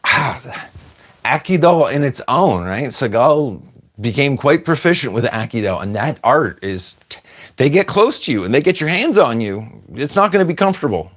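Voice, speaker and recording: A man's voice: medium pitch, very animated, moderate pace, fairly bright tone. Chatty man hosting a livestream. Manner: chatty, self-deprecating, wanders off mid-sentence. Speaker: livestream host reading viewer comments. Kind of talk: casual livestream chat.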